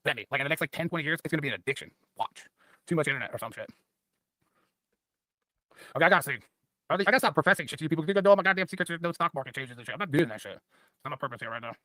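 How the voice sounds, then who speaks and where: A man's voice: fairly high pitch, expressive, rapid-fire, long pauses, sharp tone, no room sound, clean studio sound. A man streaming, rambling loosely and profanely while a bit drunk. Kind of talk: rambling casual stream chat.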